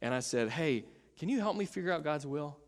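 Casting note: male preacher, higher voice, chatty and amused, in a reverberant hall. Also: lively intonation, a little fast. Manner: conversational, laughs often, asks the congregation questions. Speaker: pastor. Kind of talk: sermon.

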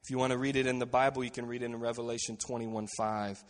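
A man's voice: mid-range voice, little pitch movement, quick pace. Earnest preaching man in a reverberant hall. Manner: earnest preaching, drops to quiet emphasis on key phrases. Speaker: pastor. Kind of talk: sermon.

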